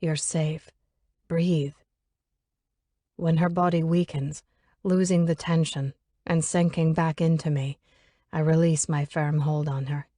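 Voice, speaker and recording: A woman narrating an audiobook in a steady, measured reading, recorded close on a studio mic. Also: deep voice, dry recording.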